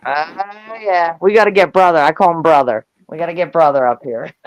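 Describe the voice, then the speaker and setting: An older woman chatting on a live stream, loud, brash and profane, laughing often. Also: deep voice, moderate pace, no room sound. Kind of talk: casual chat. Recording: dull lo-fi sound.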